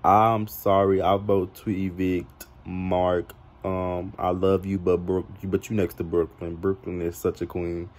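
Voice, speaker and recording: A man's voice: sits low, flat delivery, a little slow, hardly any pauses, darkish tone. A man telling gossip in a drawling, profane confessional as a player in a fan-made reality game roleplay. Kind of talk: confessional storytelling.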